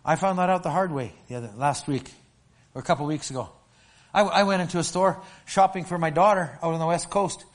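An older man from Alberta, Canada, preaching a sermon and telling a story with stammering restarts and animated storytelling. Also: fairly high pitch, brisk. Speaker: pastor.

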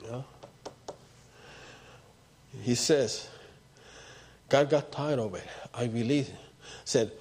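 A man's voice: mid-range voice, very slow, pauses often, a little mellow, breathy edge. A man preaching a sermon, repeating his points and building to emphatic outbursts.

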